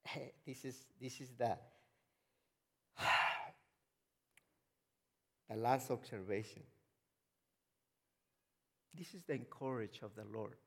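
A lay missionary preaches a sermon in a medium-pitched, gravelly, darkish voice. He speaks emphatically, repeating words as he builds and frequently putting questions to the congregation.

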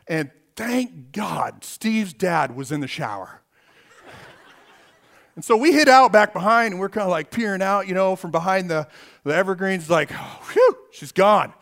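A middle-aged man preaching a sermon, telling a personal story in an animated, storytelling way. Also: high-pitched. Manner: animated storyteller, acts out his own shouts.

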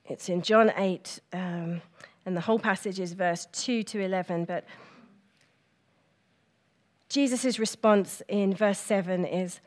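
A middle-aged woman giving a personal, reflective church talk, speaking gently with pauses and fillers. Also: mid-range voice.

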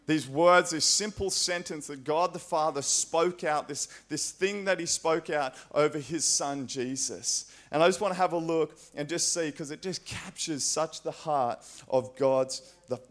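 A man with an Australian accent preaching a conversational, earnest sermon in a church, with frequent fillers. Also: fairly high pitch.

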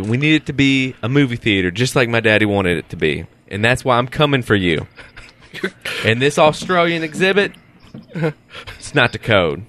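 Man doing a scheming wannabe mogul, lively pitch, bright tone, brash. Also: natural voice.

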